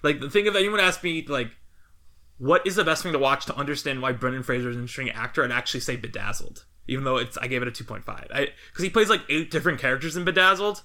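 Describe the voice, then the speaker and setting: Bright, rambling male podcast host. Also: mid-range voice, fast. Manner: rambling, laughs often. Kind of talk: casual podcast chat.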